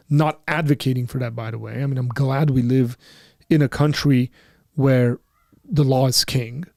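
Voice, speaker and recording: Gravel-voiced man, emphatic live talk. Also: medium pitch, darkish tone, no echo, studio quality. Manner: conversational and emphatic, rising sharply when heated; acts out both sides of remembered dialogue. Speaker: host of a call-in apologetics panel. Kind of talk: live call-in discussion, personal anecdote.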